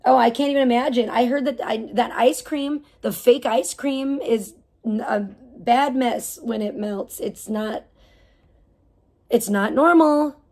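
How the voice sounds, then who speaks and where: A woman's voice: a little high, fairly even intonation, unhurried, dark tone. A woman livestreaming and reading her chat, ranting casually with heavy swearing, indignant and rambling. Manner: rambling with fillers and restarts.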